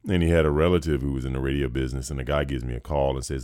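A man with a really low, deep voice, chatting as a guest and telling stories with animation, breaking into impressions now and then. The sound is close and dry, with no room around it. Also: racing, dry recording. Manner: animated storyteller, slips into voices. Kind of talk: casual storytelling chat.

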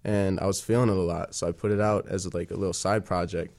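A man's voice: sits low, steady tone, quick pace, darkish tone. A young man, a rapper and producer, talking casually with many fillers and restarts. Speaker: guest musician. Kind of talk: casual chat.

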